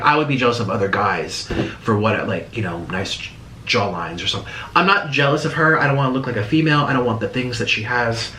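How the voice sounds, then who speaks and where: The recording, made in an echoey room with faint noise, captures a man with a mid-range, fairly bright voice. He comments casually on a video he's reacting to, wandering off track, restarting sentences, and slipping in sarcastic asides.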